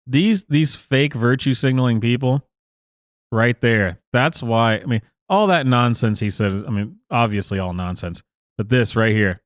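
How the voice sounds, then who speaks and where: A man's voice: mid-range voice, animated, unhurried, dry recording, clean studio sound, a faint crowd. A man hosting reaction commentary, sarcastic and mocking, often laughing. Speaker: commentary host.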